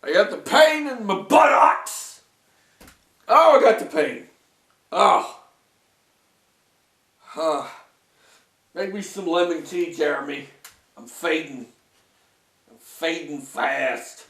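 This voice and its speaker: A man's voice: on the high side, animated, slow pace, pauses often, a bit bright, full character voice. A man voicing a weary, washed-up male cartoon star who moans and rambles in complaining rants. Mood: gloomy. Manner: whiny, moaning, rambling rants. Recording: roomy echo from a distant mic.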